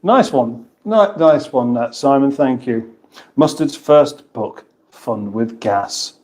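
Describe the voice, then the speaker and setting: A British man at an ordinary middle pitch hosts a casual livestream. He rambles, reads out viewers' comments and answers them with dry, teasing banter. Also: animated, slow, a little mellow. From United Kingdom. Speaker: livestream host.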